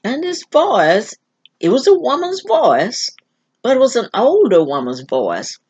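Slow, husky woman telling a story. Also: a little high, big pitch swings, a little mellow, highs cut off. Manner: earnest, halting retelling with restarts. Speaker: vlog host. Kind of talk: personal storytelling.

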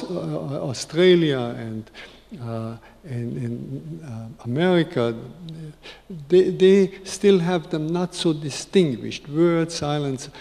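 A man in his eighties gives an unhurried, reflective spiritual talk to an audience, repeating key phrases for emphasis. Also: a little high, warm tone. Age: 80s. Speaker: spiritual speaker. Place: large conference hall. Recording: long reverb of a big hall.

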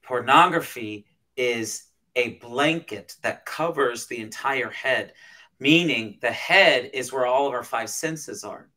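Bright-voiced man telling an emotional story. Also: medium pitch, slow pace. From United States. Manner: animated, emotional storytelling with restarts. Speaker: pastor and guest. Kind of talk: storytelling in an interview.

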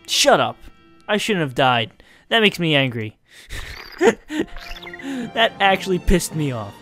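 Excitable man doing gameplay commentary. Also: fairly high pitch, faint music behind. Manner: excitable, exasperated, quick to laugh. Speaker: let's play host.

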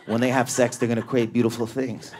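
A young man from Canada doing a high-energy, neurotic stand-up routine on a comedy club stage, acting out characters. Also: flat delivery, fast, crowd noise. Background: audience laughing.

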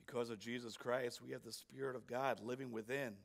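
A man's voice: mid-range voice, steady tone, fairly quick, vocal fry. A man preaching a sermon as pastor, emphatic and asking his congregation rhetorical questions. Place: church sanctuary.

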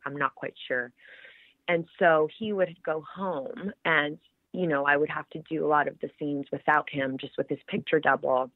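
A woman, an actress being interviewed, chatting in a lively way and laughing often. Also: deep voice, normal speed, dry recording. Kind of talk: casual interview chat. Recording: tinny phone-like line, dry.

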